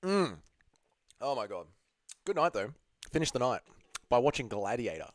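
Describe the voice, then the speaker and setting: An Australian man hosting a livestream, hungover and low on energy, chatting casually, swearing, and reading viewer messages. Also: big pitch swings, moderate pace, no room sound. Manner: laid-back, sweary, laughs easily. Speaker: livestream host.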